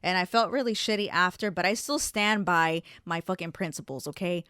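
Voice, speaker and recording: A young adult woman hosting a podcast, telling a story in a casual, profane way with sudden loud outbursts. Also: lowish voice, a little fast, clear, resonant tone, dry recording, clean studio sound. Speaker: podcast host.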